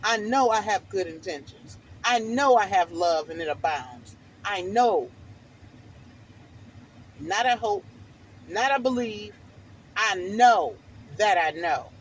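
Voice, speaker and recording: A woman's voice: medium pitch, lively intonation, slow pace, pauses often, slight background noise, poor audio. A middle-aged woman vlogger telling a personal testimony in a fervent, preachy, emphatic way.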